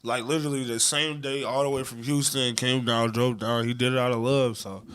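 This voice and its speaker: A man's voice: medium pitch, level tone, fairly quick, a bit bright, smooth. A man in his twenties, a YouTuber, chatting casually with slangy, upbeat hype-man energy. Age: 20s. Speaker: YouTuber guest. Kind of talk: casual chat.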